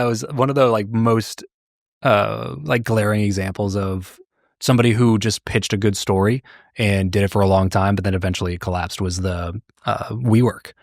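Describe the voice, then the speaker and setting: A man hosting a podcast chats loosely, circling and restarting as he hunts for the right words. His voice is lowish and sits close and dry on the mic. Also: no echo. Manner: hesitant, lots of fillers and restarts. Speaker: podcast host. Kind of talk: casual interview chat.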